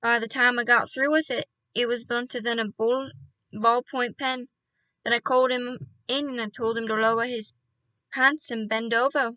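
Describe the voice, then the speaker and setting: An excitable elderly country doctor bursts into loud, indignant outbursts, as a woman reader puts him on. The voice sits high and bright. It is recorded close and dry. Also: moderate pace, no echo. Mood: gleeful storytelling.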